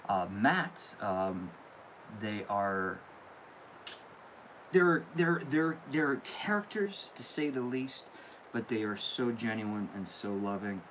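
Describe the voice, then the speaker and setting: A man's voice: on the low side, sing-song, takes it slowly, fairly bright tone, slight background noise, poor audio. A young man hosting a casual live stream, opening viewer mail and gushing with thanks. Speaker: candle channel host.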